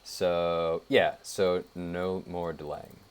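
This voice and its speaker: Speaking extremely slowly in a deep, clear, resonant voice with little pitch variation, a young web developer walks through his code. The casual screencast tutorial is loose and thought-aloud, peppered with fillers and side remarks.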